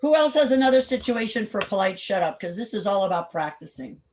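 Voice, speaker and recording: A woman leading an interactive online class over a video call, direct and firm, quizzing the group with quick questions. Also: mid-range voice, sing-song, darkish tone. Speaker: workshop instructor.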